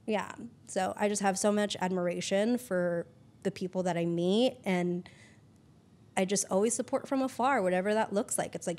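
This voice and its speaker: Here a woman producer talks informally as a podcast guest, often saying "like" and swearing once in a while. Her medium-pitched voice carries a touch of mellowness.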